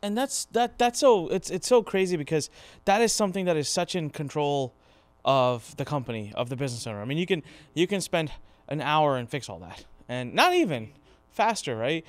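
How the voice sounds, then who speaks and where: A man hosts a podcast in a smooth, clear voice pitched a little high. He talks with energy and repeats words as he builds his point. The sound is dry and close. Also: moderate pace, no room sound. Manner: animated and enthusiastic, repeats words. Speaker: podcast host. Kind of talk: casual podcast chat.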